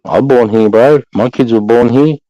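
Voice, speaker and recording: A man's voice: mid-range voice, normal speed, no echo, muffled recording. An Australian man chatting casually as a guest, laid-back and blunt, swearing freely. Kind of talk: casual chat.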